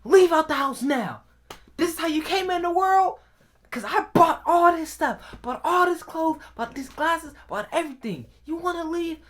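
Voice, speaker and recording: A young man voicing his strict, furious mother as she scolds him in rapid-fire demands. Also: very high-pitched, wildly swooping pitch, a bit bright, pitched above the performer's own voice, heavily acted. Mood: scolding.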